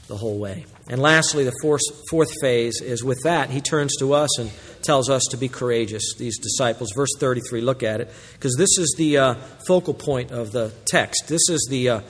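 A man with a fairly high voice preaches a sermon in a church, his words ringing out with a long hall reverb. He drops to near-whispers for quiet points, then rises into sudden loud, high exclamations. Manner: dynamic preaching, swinging from hushed to loud exclamations. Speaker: pastor.

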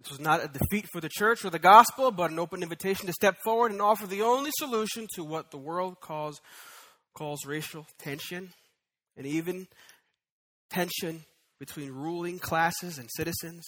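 A man preaches a sermon, his voice set high. His tone is bright and forceful. He builds to loud, emphatic, repeated declarations. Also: normal speed. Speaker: pastor.

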